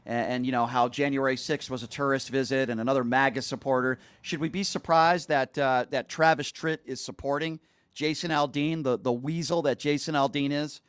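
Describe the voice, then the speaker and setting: A man's voice: mid-range voice, fairly even intonation, brisk, fairly bright tone, clear, resonant tone, dry recording. A male talk show host delivering an indignant, mocking rant, repeating his points over and over. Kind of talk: opinionated talk radio rant.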